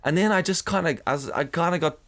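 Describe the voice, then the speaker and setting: A man's voice: on the high side, fast, fairly bright tone. A man co-hosting a podcast in casual chat, rambling through anecdotes and acting out his friends' lines in put-on voices. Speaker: podcast co-host.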